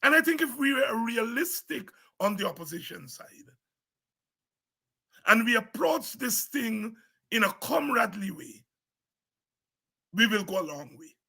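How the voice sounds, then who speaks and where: A man with a Guyanese accent giving an impassioned political address as a party leader, forceful and emphatic, repeating words for stress. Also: very high-pitched, very animated, a little slow, creaky, pauses often, husky.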